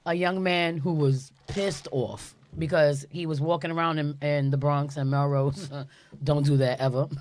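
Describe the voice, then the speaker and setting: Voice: mid-range voice, steady tone, unhurried, darkish tone. A radio co-host telling a story in a chatty way, brushing details aside with "whatever". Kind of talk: casual storytelling.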